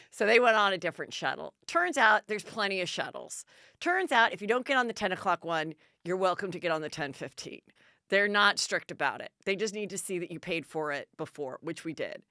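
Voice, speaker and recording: A woman's voice: fairly low pitch, lively intonation, normal speed, sharp tone, no echo, clean studio sound. A middle-aged woman podcast host telling a story in a casual, chatty way and acting out the dialogue in bursts.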